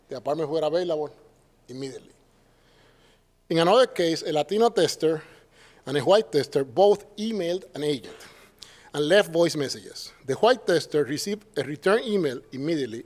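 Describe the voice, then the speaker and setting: Puerto Rican man with a high-ish voice lecturing. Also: a little mellow. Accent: Puerto Rican Spanish. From Puerto Rico. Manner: conversational and wry, with frequent tag questions. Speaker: professor giving a symposium talk. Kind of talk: public lecture.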